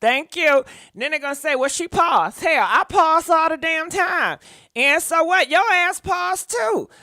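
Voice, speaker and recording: Sassy high-voiced woman gossip host. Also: measured pace, bright, forceful tone, dry recording, clean studio sound. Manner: sassy, laughing, talks back at celebrities. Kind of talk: casual live gossip commentary.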